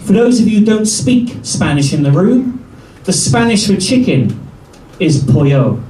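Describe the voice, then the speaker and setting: A man in his thirties doing a stand-up set, telling stories wryly with pauses before the punchlines. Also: high-pitched, sing-song, background noise. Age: 30s. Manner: wry storytelling with punchline pauses. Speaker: stand-up comedian. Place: comedy club stage. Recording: roomy club sound from a distance.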